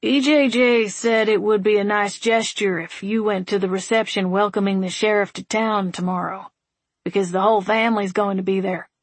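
A woman voicing a wry, patient man with a dry, steady, gently teasing manner. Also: mid-range voice, normal speed, no room sound, close to an everyday voice.

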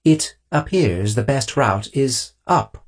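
Man doing a calm robotic ship computer. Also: mid-range voice, husky, pitched above the performer's own voice, exaggerated voice. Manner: slow, measured, formal machine delivery.

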